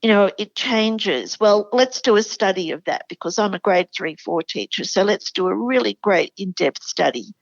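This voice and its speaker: A woman's voice: mid-range voice, lively intonation, normal speed, creaky, hardly any pauses, dry recording, highs cut off. An Australian woman, a literacy educator, explaining classroom spelling enthusiastically in a podcast chat. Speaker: literacy educator, show regular. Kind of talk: conversational podcast interview.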